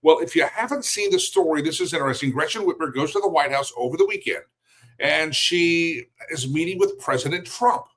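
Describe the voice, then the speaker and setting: A man's voice: a little high, lively intonation, fairly quick, fairly bright tone, low-quality recording. A man hosting a daily news show, giving blunt, mocking opinion commentary with chuckles between remarks.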